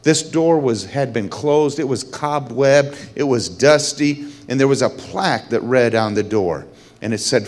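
Man, middle-aged, storytelling testimony, animated, swings high and low. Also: normal speed. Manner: animated storyteller, voice rises high when excited, drops low and quiet when solemn. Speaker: speaker sharing a personal testimony.

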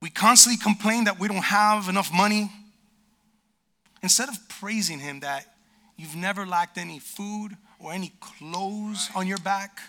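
A man preaching a sermon to a church congregation, animated and lively, acting out the voices of complainers. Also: high voice, a little slow. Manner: animated, acts out quoted complainers. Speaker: pastor. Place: church sanctuary.

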